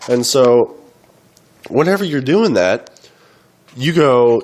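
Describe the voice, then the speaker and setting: A man's voice: medium pitch, expressive, takes it slowly, darkish tone. A young man commenting casually on a video, rambling with many fillers, coughing and a little unwell. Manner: rambling, loose, full of fillers. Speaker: vlogger.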